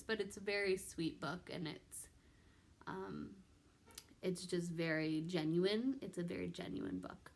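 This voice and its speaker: A woman's voice: fairly low pitch, gravelly. A young woman vlogger chatting casually to camera, rambling with many ums and restarts. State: pregnant.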